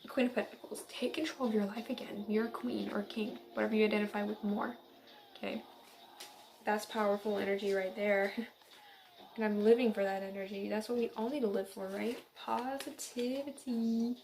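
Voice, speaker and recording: A woman's voice: medium pitch, little pitch movement, a little fast, a little mellow, a little hiss or hum. Chatty young woman reading tarot cards. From central Illinois. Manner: chatty, giggly, upbeat. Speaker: tarot reader.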